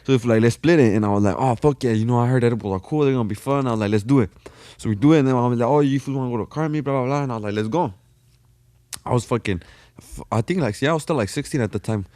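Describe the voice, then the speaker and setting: A man's voice: medium pitch, rapid-fire, dark tone, dry recording, studio quality. A man telling a story on a podcast in a slangy, profane way. He keeps calling his listener "fool.". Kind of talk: casual chat, storytelling.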